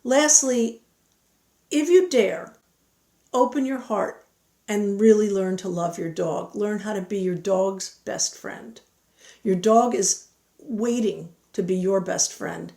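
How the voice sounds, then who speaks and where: A woman's voice: medium pitch, slow pace, creaky, warm tone. Earnest woman giving dog advice, echoey. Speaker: dog training speaker. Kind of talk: instructional talk.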